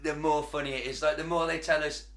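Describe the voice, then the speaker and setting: A man co-hosting a casual comedy podcast, excitable and crude. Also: a little high, crowd noise. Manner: excitable and crude, quick to laugh. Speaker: podcast co-host. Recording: echoey room.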